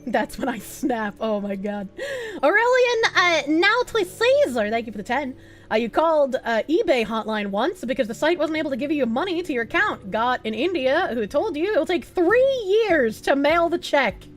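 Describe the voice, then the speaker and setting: A young woman with a Boston accent talks to her stream chat with a high, lively voice that leaps around as she jokes and swears. Faint music plays behind her. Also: normal speed. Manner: animated, swearing, laughing, bursts into loud put-on yells. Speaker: streamer reading chat messages. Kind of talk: casual livestream chat.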